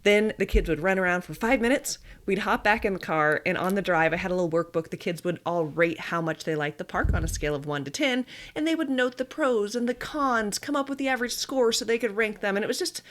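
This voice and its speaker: A woman in her thirties, a dietitian and mother, hosting a podcast and retelling a family story in a chatty, animated way with little laughs. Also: mid-range voice, a little fast, few pauses. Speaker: podcast host. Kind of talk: casual storytelling monologue.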